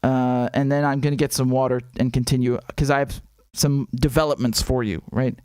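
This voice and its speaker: A man speaks briskly in a medium-pitched, clean tone, in studio quality without echo. Hosting a live stream while suffering a headache, he chats casually and answers viewers bluntly and profanely, animated, with many restarts and repeated words.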